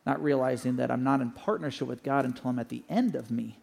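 Gravelly, fervent high-voiced male preacher. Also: expressive, quick pace, hardly any pauses, big-room sound. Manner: swings from loud fervent peaks to quiet low passages. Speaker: pastor. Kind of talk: sermon.

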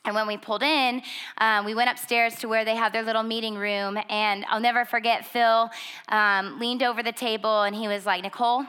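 A young woman speaks to a live audience in a bright, fairly high voice. She tells her story candidly, then drives her points home with growing emphasis. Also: level tone, moderate pace, clear, resonant tone. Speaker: speaker giving a testimony. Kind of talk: testimony sermon to a live audience.

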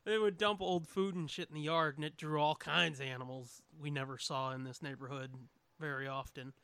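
A podcast co-host with a smooth, fairly quick voice on the high side tells a neighborhood story with no echo. He's an animated storyteller who swears often and acts out the people he quotes in casual, profane chat.

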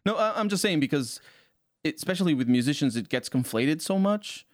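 A man's voice: fairly high pitch, lively intonation, brisk, no echo. Earnest young man, dry close sound. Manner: earnest, hedging, restarts often. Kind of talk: casual podcast chat.

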